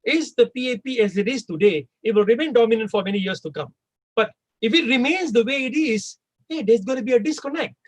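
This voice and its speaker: A man speaking on a discussion panel, animated and full of questions, sometimes voicing imagined speakers. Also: very high voice, a little fast, rough recording. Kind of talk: discussion talk.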